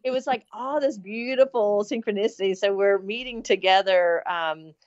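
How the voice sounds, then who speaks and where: A middle-aged woman is an interview guest who is planning a hospital, talking casually in an earnest, rambling way with lots of fillers. Her voice is mid-range at a moderate pace, with no echo, though the recording sounds dull and lo-fi.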